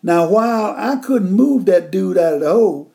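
A man near eighty, preaching a folksy, emphatic sermon that swings between loud and hushed. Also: high voice, expressive, moderate pace, gravelly. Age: older.

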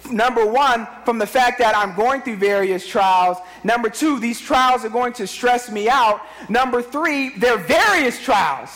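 Male pastor, 30s, high voice, lively call-and-response sermon. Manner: animated, repetitive, call-and-response preaching. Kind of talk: energetic sermon.

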